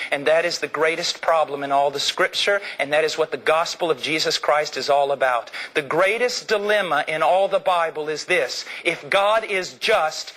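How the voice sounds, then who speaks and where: Male preacher, fiery sermon delivery, high and bright, swinging between hushed and shouted. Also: low-quality recording. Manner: impassioned, shifts between low earnest and high shouted emphasis.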